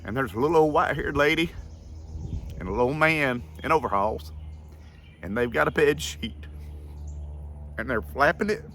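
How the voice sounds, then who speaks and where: A man voicing a gentle, kindly old country preacher inside a told story, speaking tenderly and earnestly. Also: medium pitch, animated, moderate pace, long pauses, voice pushed up.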